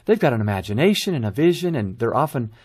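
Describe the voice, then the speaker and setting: A middle-aged man with a husky, slightly breathy voice talks casually on a talk show. He tells family anecdotes with animated storytelling. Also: mid-range voice, quick pace. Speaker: guest parenting author.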